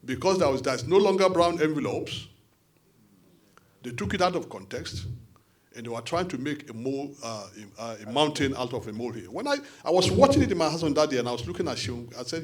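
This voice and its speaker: Man, Nigerian accent, lively pitch, conversational speech to a meeting, quick asides. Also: husky. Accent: Nigerian English. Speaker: diaspora party official addressing a support forum. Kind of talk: addressing a meeting.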